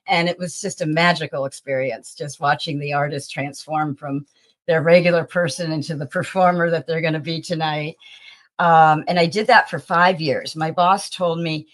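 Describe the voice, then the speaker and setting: A woman in her sixties, a talent agency founder, telling lively stories from her career as an interview guest. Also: sits low, moderate pace. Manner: animated storyteller who acts out the people in her stories. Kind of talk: anecdotal interview storytelling.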